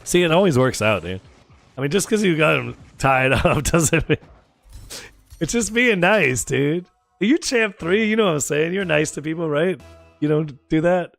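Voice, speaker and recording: A young man with a hoarse, sore throat, chatting casually with viewers while streaming a game and swearing freely. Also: a little high, animated, normal speed, fairly bright tone, no room sound, faint music behind. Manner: chatty, swears freely, calls people dude. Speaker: gaming streamer. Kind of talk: casual gaming chat with viewers. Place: home gaming setup.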